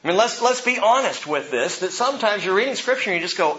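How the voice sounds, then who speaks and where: A male pastor preaching a verse-by-verse sermon with emphasis, his voice rising and falling between soft and loud. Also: high-pitched, animated, quick pace, few pauses, dull audio.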